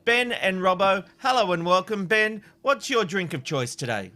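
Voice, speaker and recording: A man's voice: sits high, expressive, moderate pace, bright, forceful tone. A man hosting a talk show, upbeat and playful, then reading news steadily. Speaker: host. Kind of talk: casual chat and news reading.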